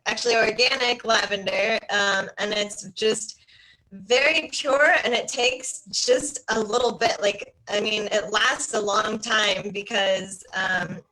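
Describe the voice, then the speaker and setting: A woman's voice: mid-range voice, fairly even intonation, slow, bright, forceful tone, rough recording. A middle-aged woman hosting a casual video-call chat, rambling and laughing often. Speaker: host.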